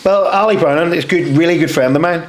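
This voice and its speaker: A man in his thirties with a Northern Irish accent, telling a story as a podcast guest in an animated way, swearing freely and saying "mate.". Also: a little high, fast talker. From Northern Ireland. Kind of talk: casual storytelling. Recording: roomy echo, faint ambience.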